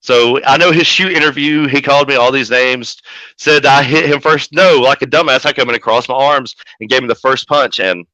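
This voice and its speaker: A man's voice: medium pitch, normal speed, pushed and bright, no room sound, poor audio. A man, a wrestling manager, telling a profane story in a casual interview and acting out the quotes as he goes.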